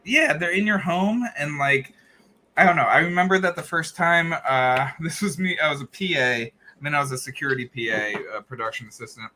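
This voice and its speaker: Casting: bright-voiced, higher-pitched man, rambly casual host who laughs easily. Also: fairly quick, slight background noise. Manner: rambling, laughs often, many fillers and restarts. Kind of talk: casual chat.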